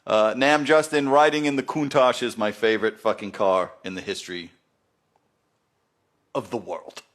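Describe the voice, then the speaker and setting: A man's voice: lowish voice, fairly even intonation, moderate pace, a bit bright. A man hosting a music live stream, telling rambling stories with heavy swearing in a laid-back way. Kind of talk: casual live-stream storytelling. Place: Los Angeles.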